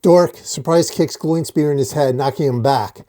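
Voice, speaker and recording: A man's voice: fairly high pitch, moderate pace, warm tone. A man reading a fantasy comic aloud in a plain, casual storytelling way. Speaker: comic reader. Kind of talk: casual comic-book narration.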